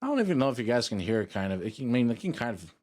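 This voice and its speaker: A man's voice: medium pitch, sing-song, racing, darkish tone. A young man streaming as a VTuber, chatting casually with his viewers in a rambling, jokey way while drowsy after a meal, into a streaming microphone. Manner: rambling and jokey, addressing chat. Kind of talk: casual live-stream chat.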